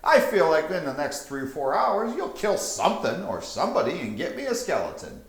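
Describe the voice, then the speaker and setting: A man's voice: on the high side, huge pitch swings, a little fast, voice pushed up. A man voicing a thin, panicky hobgoblin necromancer who shrieks and swears in outrage. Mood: demanding. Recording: echoey room.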